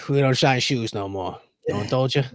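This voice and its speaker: A man's voice: medium pitch, animated, unhurried, no echo. A man co-hosting a sports betting livestream in loose, profane, joking casual chat. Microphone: home setup streaming over the internet.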